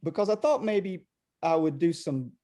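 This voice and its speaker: A man's voice: a little high, moderate pace. A middle-aged man, a potter, chatting casually over a video call, rambling with many restarts. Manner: rambling, animated, lots of restarts.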